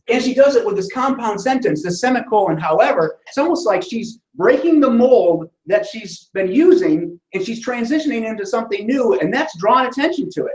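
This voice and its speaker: Give me a high-pitched male writing teacher lecturing casually in a roomy, echoing space. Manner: conversational, frequent "right?" check-ins. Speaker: writing instructor. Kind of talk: classroom lecture on sentence structure. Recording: echoey room.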